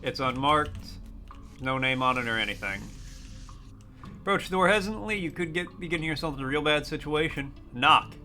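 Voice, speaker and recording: Jokey guy streaming a game, reads the text out loud, bright voice, soft music under it. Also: on the high side, lively intonation, normal speed. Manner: playful, jokey. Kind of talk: casual game stream, reading text aloud. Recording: faint music behind.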